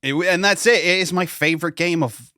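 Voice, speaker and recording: A young man co-hosting a casual podcast, talking in a chatty, expressive way. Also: high-pitched, fairly quick, dry recording, clean studio sound. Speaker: podcast co-host. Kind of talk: casual chat.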